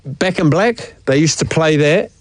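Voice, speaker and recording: A male radio host chatting casually about sports in a jokey, animated way. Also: on the high side, a little slow, dry recording.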